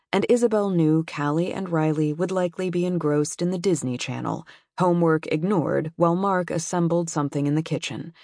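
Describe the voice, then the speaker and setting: A woman's voice: darkish tone, no room sound, clean studio sound. A woman reading a novel aloud as narrator, lifting her voice a little for each character. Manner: voices the characters with small lifts in pitch. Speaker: audiobook narrator. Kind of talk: scripted narration.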